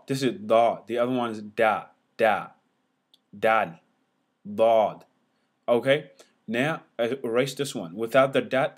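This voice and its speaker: A teacher leads a relaxed whiteboard lesson, speaking slowly and unhurriedly at an ordinary middle pitch. He's repetitive, sounding each letter out loud several times, with fillers and restarts.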